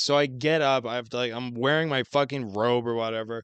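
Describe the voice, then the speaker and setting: A man's voice: mid-range voice, fairly even intonation, fairly quick, few pauses, a bit bright, clean tone, no echo. A young man co-hosting a podcast, telling a long story in casual chat, swearing a lot. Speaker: podcast co-host.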